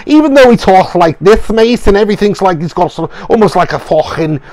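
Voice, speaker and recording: A man's voice: sits high, lively intonation, fairly quick, a little mellow, pitched above the performer's own voice. A man putting on a throaty, teasing Liverpool accent to mimic a Scouser. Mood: mocking. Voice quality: throaty, wet. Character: mocking put-on Scouse man, gravelly throat.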